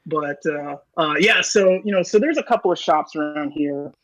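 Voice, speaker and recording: A man talking fast and rambling with lots of fillers in casual podcast chat. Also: on the high side, a bit bright, rough recording. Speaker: podcast co-host.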